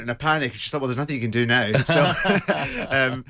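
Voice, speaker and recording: A man's voice: medium pitch, animated, brisk, bright, forceful tone. A man with a Glaswegian Scottish accent, a guest actor on a studio radio interview, telling stories in a chatty way with fillers. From Scotland, Glasgow. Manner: chatty storytelling with laughs and fillers.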